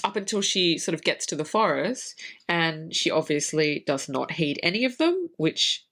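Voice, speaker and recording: An Australian woman co-hosting a podcast, reviewing a movie in casual chat, animated and swearing freely. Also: deep voice, normal speed. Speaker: podcast co-host.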